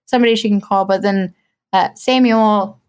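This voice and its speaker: A woman's voice: mid-range voice, moderate pace, smooth. A woman co-hosting a podcast, casually recapping a film and acting out the characters' lines with lots of laughter. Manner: animated storyteller, acts out quoted lines; laughs often. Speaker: podcast co-host.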